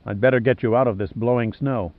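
A man voicing a husky, calm rugged rescuer. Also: mid-range voice, fast talker, dry recording, natural voice. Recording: dry, tinny phone-like sound.

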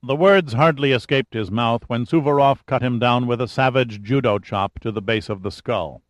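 A man reading a thriller audiobook in a steady, measured storytelling voice. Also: medium pitch, dry recording. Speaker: audiobook narrator. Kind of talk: scripted thriller narration.

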